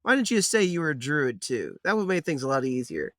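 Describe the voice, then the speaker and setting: A man's voice: on the high side, wildly swooping pitch, a little fast, fairly bright tone, no echo, clean studio sound, exaggerated voice. A man voicing a bearded male gnome druid who talks in a folksy drawl and grumbles about mages, in a tabletop role-play. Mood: folksy grumbling.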